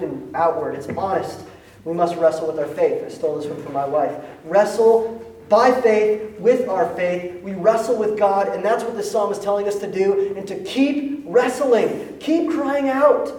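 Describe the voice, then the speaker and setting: A man's voice: sits high, moderate pace, warm tone, slight background noise. A man preaching a sermon as pastor, talking in a conversational way with slangy asides and building to emphatic peaks. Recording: roomy echo, mic at a distance, faint ambience.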